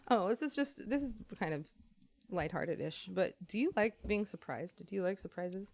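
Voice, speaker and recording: A woman's voice: mid-range voice, moderate pace, dry recording. A woman co-hosting a podcast in casual chat, telling stories with lots of laughter and swearing. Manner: giggly, profane, animated storytelling. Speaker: podcast co-host.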